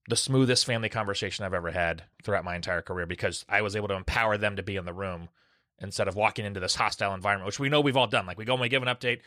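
A man talks quickly in a bright, forward voice, hosting a casual panel of clinicians. He tells stories with animated energy. The sound is dry and close. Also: on the low side, no room sound. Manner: fast, animated storytelling with acted quotes. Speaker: podcast host, emergency clinician.

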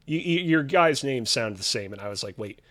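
A man's voice: mid-range voice, expressive, brisk, bright, forceful tone. A man hosting a trivia game show, reading clues with a theatrical, teasing quiz-host delivery.

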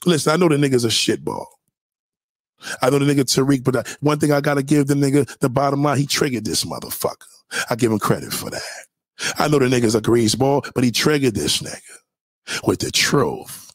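A man giving heated, profane reaction commentary on a clip, mocking and now and then breaking into sudden loud outbursts. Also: medium pitch, animated, a little fast, no echo.

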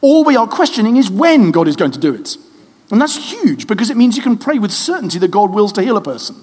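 A man in his thirties preaching a sermon in a lively, conversational way, joking with the congregation. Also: high-pitched, quick pace, husky. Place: church hall. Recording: reverberant church hall.

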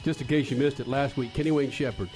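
A man's voice: mid-range voice, fairly even intonation, quick pace, a little mellow, soft background music. A man hosting a motorsports radio talk show, brash and joking, stuffed up with a head cold.

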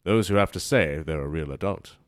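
A man voicing a stern old lord who lays down a cold maxim in a grave, measured way. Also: a bass voice, no echo, studio quality, pitched below the performer's own voice.

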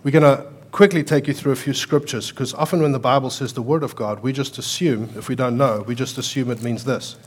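This pastor preaches with a mid-range, steady voice that has a breathy edge, moving briskly with few pauses. He shifts between loud, emphatic declarations and quiet storytelling, and his accent would strike American listeners as foreign.

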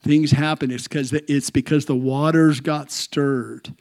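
A man preaching a sermon to his congregation in a soft-spoken, reflective way. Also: on the high side, fairly even intonation, a little slow. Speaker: pastor.

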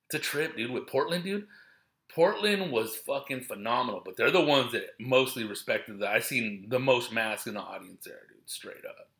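A man's voice: medium pitch, lively intonation, normal speed, fairly bright tone. A man telling casual, profane stories from his shows, full of slang and acted-out quotes. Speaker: comedian talking about his shows. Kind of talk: casual rambling chat.

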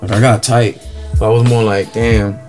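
A young man in casual chat, telling relaxed stories and laughing as he goes. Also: lowish voice, a little fast, music in the background. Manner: laid-back storytelling, laughs through his stories.

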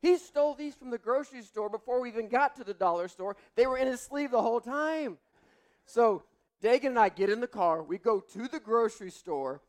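A man's voice: very high-pitched, animated, a little fast. A man in his forties, a pastor, telling a family story in a sermon and acting out the voices in it.

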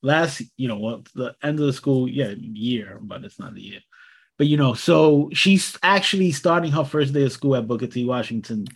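Older man, husky voice, relaxed radio co-host telling stories. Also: mid-range voice, moderate pace. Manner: easygoing storyteller, chuckles while talking. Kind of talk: casual radio chat.

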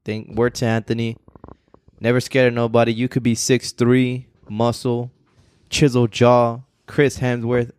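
A young man chatting casually as podcast co-host, slangy and animated, swearing freely. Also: mid-range voice, measured pace, smooth, dry recording, studio quality. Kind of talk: casual chat.

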